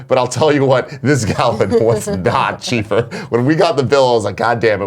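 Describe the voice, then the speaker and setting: A man's voice: medium pitch, a little fast, hardly any pauses. A man in his thirties hosting a casual morning show, telling stories animatedly and swearing freely. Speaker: show host. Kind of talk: casual chat.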